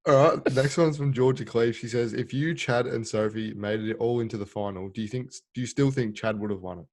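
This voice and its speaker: A man's voice: mid-range voice, a little fast. A man hosting a podcast, casually reading out fan questions. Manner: friendly, reads out fan questions. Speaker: podcast host. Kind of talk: casual chat.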